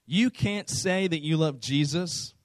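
A man's voice: fairly high pitch, slow, no room sound. A young adult man preaching a conversational sermon as a pastor, earnest and direct, often repeating phrases and asking the listeners questions.

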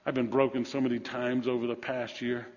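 A man in his fifties preaching a sermon, shifting from hushed confession to emphatic scripture reading. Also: mid-range voice, level tone, fairly quick, long reverb tail, dull audio. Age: 50s. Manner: earnest, swings from hushed to emphatic. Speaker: pastor.

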